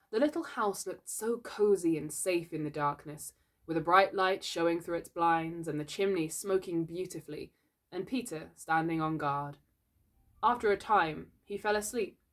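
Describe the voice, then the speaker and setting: A woman reading a classic children's book aloud in a gentle, unhurried storytelling voice. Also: lowish voice.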